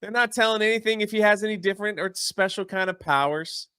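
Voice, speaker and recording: Man, co-host, ranting commentary, exasperated, high pitch, dry close sound. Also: quick pace, bright, forceful tone, smooth, dry recording. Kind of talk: casual commentary chat.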